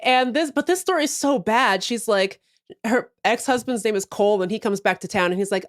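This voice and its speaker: A podcast co-host chats casually on a livestream, ranting in mock outrage and swearing a lot as she tells her stories with animated energy. Her voice is slightly high and slightly quick, recorded with studio quality and no echo.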